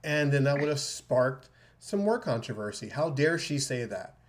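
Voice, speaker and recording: A man's voice: mid-range voice, big pitch swings, moderate pace. A man co-hosting a podcast in casual political chat, talking emphatically and acting out remarks he quotes. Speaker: podcast co-host.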